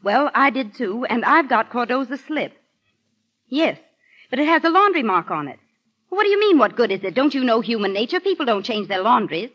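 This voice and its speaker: An actress playing a sharp, self-assured young female newspaper reporter in a 1940s radio drama, quick and teasing. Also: on the high side, very animated. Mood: eager. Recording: dull old radio broadcast with music.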